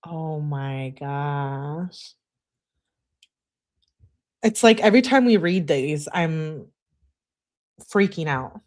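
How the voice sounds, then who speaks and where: A woman's voice: deep voice, lively intonation, extremely slow, long pauses, darkish tone. A woman hosting a true-crime livestream in casual commentary, answering chat with sarcastic, exasperated asides. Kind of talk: casual live-stream commentary.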